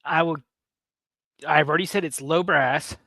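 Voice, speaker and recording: His voice a little high, creaky and sharp, a man in his late thirties rambles through stories on his livestream while joking around with chat. The tone stays steady at a normal speed, with no room sound.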